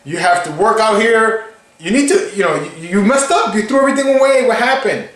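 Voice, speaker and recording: A stern, lecturing father sets out terms and scolds, his voice pitched high as a man acts him out. The words carry a reverberant echo from the room. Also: brisk, fairly bright tone. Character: stern middle-aged father laying down terms.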